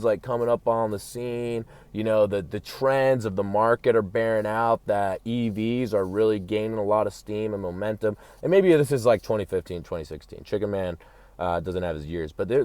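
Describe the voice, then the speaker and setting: Low-voiced man ranting in third person. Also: a little mellow, smooth, no room sound. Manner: rambling, profane, refers to himself in third person. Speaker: comedic commentator. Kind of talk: manic comedic rant.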